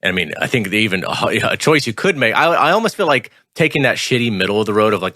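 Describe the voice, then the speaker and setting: A man co-hosting a podcast, talking in an animated, loose way and swearing casually. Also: on the low side, fast talker, few pauses, dry recording, clean studio sound. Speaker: podcast co-host.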